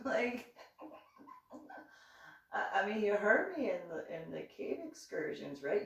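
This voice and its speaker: A woman's voice: mid-range voice, takes it slowly, creaky, pauses often, reverberant, distant mic. A woman telling a casual story, acting out both sides of the conversation with lots of laughter and restarts. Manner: animated, acts out both sides of dialogue, laughs often, many restarts. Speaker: reverend reading and commenting on her diving memoir.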